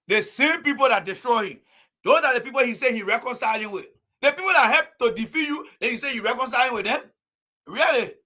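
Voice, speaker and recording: A man holds forth on a livestream, preaching his political views with insistent repetition. His voice sits high and carries a forceful, pushing edge. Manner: emphatic, preachy, repeats points. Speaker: political commentator.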